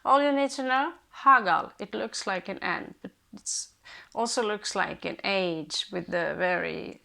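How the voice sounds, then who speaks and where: A woman's voice: medium pitch, vocal fry, a bit bright. A woman hosting a casual rune reading, thinking aloud with many hesitations. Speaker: rune reader and channel host.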